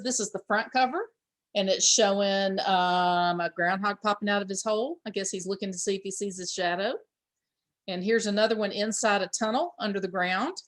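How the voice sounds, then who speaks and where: A woman teaching pre-K, reading a picture book aloud and explaining words with simple questions for small children. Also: mid-range voice.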